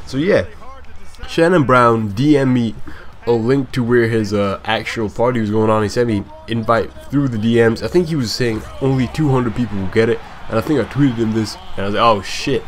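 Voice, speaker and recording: Young gaming vlogger, slightly low voice, hybrid British-African accent, chatty and rambling. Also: male voice, normal speed. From Scotland. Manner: rambling, chatty, self-deprecating. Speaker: gaming YouTuber. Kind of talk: casual gameplay commentary.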